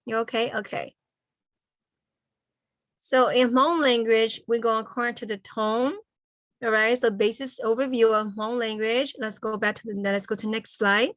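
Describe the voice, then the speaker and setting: A woman's voice: fairly high pitch, steady tone, fairly bright tone, dry recording. Woman teaching over a video call. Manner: checks in with "okay?" after nearly every point; slow, careful spelling-out of letters and sounds. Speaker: Hmong language teacher. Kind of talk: online language lesson.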